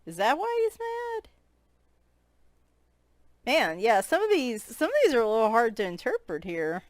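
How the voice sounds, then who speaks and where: A woman's voice: on the high side, big pitch swings, a little slow, no room sound. A woman chatting casually as she flips through a coloring book, amused and giggling as she comments on each picture.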